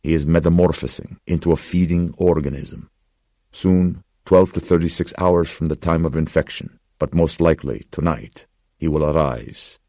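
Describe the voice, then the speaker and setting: A man voicing a somber old pawnbroker who speaks in a slow, grave, measured way. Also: extremely low pitch, warm tone, dry recording, studio quality. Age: older.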